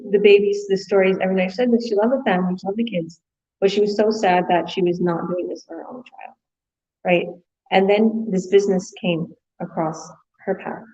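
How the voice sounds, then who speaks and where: A woman's voice: on the low side, a little mellow, dull audio. Effusive chatty woman webinar host. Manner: chatty, effusive, many fillers. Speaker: business coach hosting a webinar. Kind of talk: live webinar chat.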